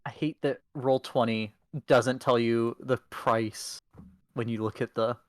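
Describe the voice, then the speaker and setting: A man's voice: mid-range voice, steady tone, measured pace, dry recording. Guy running a tabletop game, laid back, kinda pokes fun at himself, dry mic. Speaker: game master. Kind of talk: narrating a tabletop game over voice chat.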